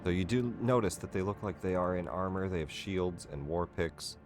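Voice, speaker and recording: Game master, male, very low voice, easygoing rulings with plenty of fillers. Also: moderate pace, music in the background. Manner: relaxed, matter-of-fact rulings with fillers. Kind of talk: running a tabletop game online.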